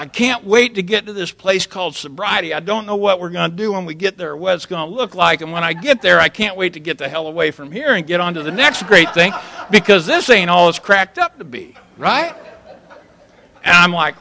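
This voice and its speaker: A man's voice: high-pitched, gravelly, bright, forceful tone. A middle-aged man telling personal stories as a speaker at a recovery meeting, in a folksy manner with casual swearing and a habit of asking "right?". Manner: folksy, swears freely, tags lines with "right?". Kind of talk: personal storytelling talk.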